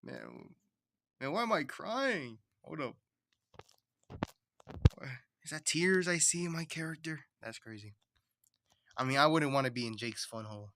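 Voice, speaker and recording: A man's voice: medium pitch, big pitch swings, moderate pace, vocal fry, pauses often, bright, forceful tone, a little hiss or hum. Rambling male streamer. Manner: rambling, chatty self-talk. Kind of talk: casual livestream chat.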